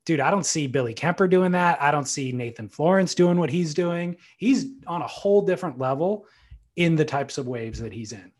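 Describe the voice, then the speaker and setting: Relaxed, teasing man co-hosting a chat. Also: on the high side, moderate pace. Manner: relaxed, teasing, enthusiastic about surfers. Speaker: podcast co-host. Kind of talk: casual surf talk chat.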